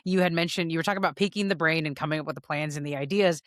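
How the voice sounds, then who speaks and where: A woman's voice: low-pitched, rapid-fire, no echo, studio quality. A woman co-hosting a casual podcast, bantering in a playful, upbeat way. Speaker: podcast co-host.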